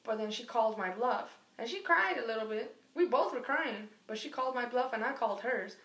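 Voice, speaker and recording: A woman telling a story in casual chat, animated and profane, acting out the voices of the people in it. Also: on the high side, fairly quick, echoey room. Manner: animated, profane, acts out quotes.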